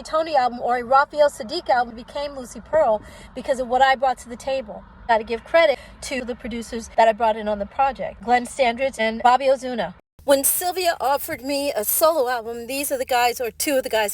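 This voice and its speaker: A middle-aged singer from Oakland, California, talks to her viewers in a candid commentary vlog, her voice fairly high. She's indignant and direct, calling her audience "y'all," and the audio is poor with slight background noise.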